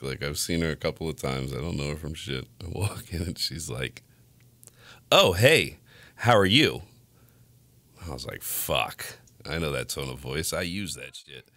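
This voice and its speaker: Very deep-voiced, blunt, profane man. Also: fairly quick, hardly any pauses, no echo. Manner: profane, blunt storytelling with frequent laughs. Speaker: podcast host. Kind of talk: casual chat.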